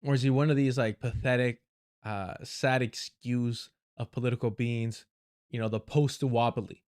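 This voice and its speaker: A man's voice: mid-range voice, steady tone, moderate pace, darkish tone, clean tone. Sarcastic man ranting on a livestream. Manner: mocking, laughs often. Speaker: livestream host. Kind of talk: live commentary reacting to clips.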